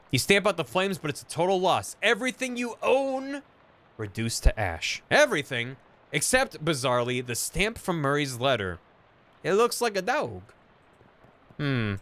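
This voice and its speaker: A male streamer reads a video game's narration aloud, breaking off for casual asides. His pitch sits slightly high and moves lively, and the tone is bright and forceful. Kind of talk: reading game text aloud while playing.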